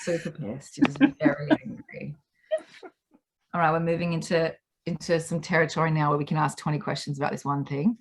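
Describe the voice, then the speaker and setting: A woman's voice: low-pitched, a little fast, gravelly, slight background noise. A woman in her thirties with an Australian accent, a podcast guest chatting casually and acting out the people in her stories. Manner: animated storyteller, acts out quotes. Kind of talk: casual chat.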